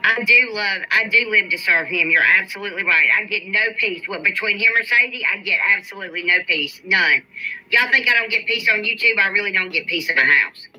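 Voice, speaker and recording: Reading viewer comments on a casual livestream, this woman vents with a profane, exasperated drawl. Her mid-range voice is brisk, bright and forceful, though the audio quality is poor.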